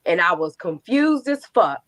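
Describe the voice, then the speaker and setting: A young adult woman telling her own story in an interview, animated, acting out quotes and swearing freely. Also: lowish voice, measured pace, low-quality recording.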